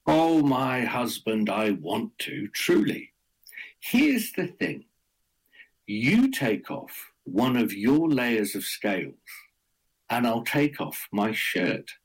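A man's voice: mid-range voice, sing-song, takes it slowly, husky, exaggerated voice, poor audio. A man voicing a young shepherdess bride in a told tale, coaxing and teasing in a raised voice.

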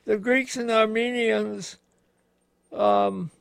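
A man in casual radio chat, explaining in slow, rambling, halting sentences as a gardening expert. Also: sits high, fairly even intonation, vocal fry, clean tone, no echo.

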